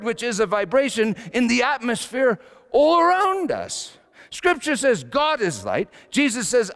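A pastor preaching a sermon, swinging between loud exclamations and hushed asides. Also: male voice, extremely high pitch. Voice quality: slight whistle on a false tooth. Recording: long echoing hall reverb.

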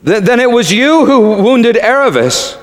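A man voicing a frightened young boy who stammers in a high, shaky voice. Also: big pitch swings, normal speed. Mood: scared. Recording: echoey hall.

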